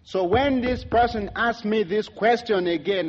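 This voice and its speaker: A man's voice: high-pitched, measured pace, few pauses, highs cut off. A man speaking as an anthropologist, giving a public talk full of stories. He is wry and acts out the quoted dialogue. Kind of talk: public speech with storytelling.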